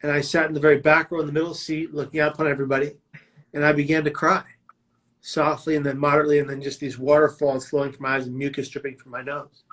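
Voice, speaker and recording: A man's voice: a little high, flat delivery, fast talker, a bit bright. A man telling his own life story as a prevention speaker, in a vivid, dramatic way with emphatic quoted lines. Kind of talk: personal storytelling talk.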